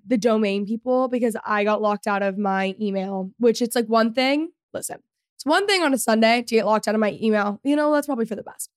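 A woman's voice: on the high side, no room sound, studio quality. A woman in her twenties hosting a solo podcast, chatting casually and rambling with lots of fillers. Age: 20s. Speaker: podcast host.

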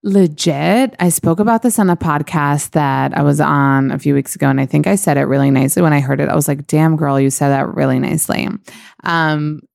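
A woman's voice: deep voice, fairly quick, creaky, hardly any pauses, a little mellow, dry recording, clean studio sound. A woman hosting a podcast, chatting casually about celebrity gossip with lots of "like" and fillers. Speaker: podcast host.

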